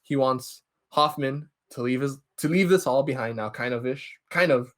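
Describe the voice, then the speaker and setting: Animated young man recapping on a podcast. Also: medium pitch. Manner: animated, acts out characters' lines in quick impressions. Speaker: podcast host.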